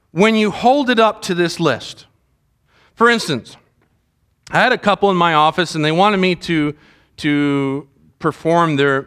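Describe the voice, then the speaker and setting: High-voiced man preaching a conversational sermon. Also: a bit bright, clean tone. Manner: earnest, conversational preaching with asides to the audience. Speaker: pastor.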